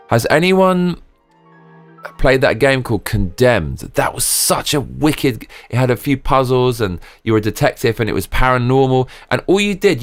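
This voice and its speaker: A man's voice: mid-range voice, dry recording. A man streaming a game, talking casually to his chat while drunk, rambling and swearing.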